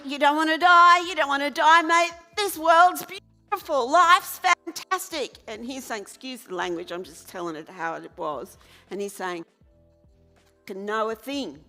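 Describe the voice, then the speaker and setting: A woman telling a frank, animated story to a live festival audience, laughing as she goes. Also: mid-range voice. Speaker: festival speaker.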